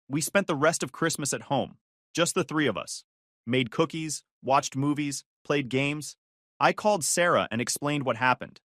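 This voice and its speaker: A man's voice: a little high, normal speed, a bit bright, no echo, clean studio sound. A man narrating a first-person family story with a tense, emotionally charged delivery.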